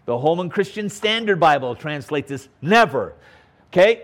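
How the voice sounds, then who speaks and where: Emphatic man teaching scripture, lively pitch. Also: normal speed. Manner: emphatic, repeats words for stress, asks "okay?" often. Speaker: Bible teacher. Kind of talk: verse-by-verse Bible teaching.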